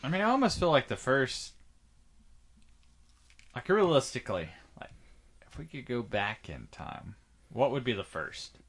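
A jokey man on a casual podcast whose voice leaps all over the place, from low mumbles to sudden high yelps. His tone is bright and forceful. He talks like a laid-back co-host tossing in gags. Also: sing-song, measured pace, long pauses, slightly rough.

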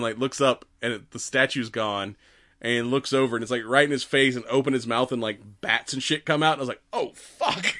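A man talks loosely about a horror movie he saw. He rambles from scene to scene, laughing often and acting out the lines. His voice sits at an ordinary middle pitch. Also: pushed and bright. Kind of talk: casual movie review chat.

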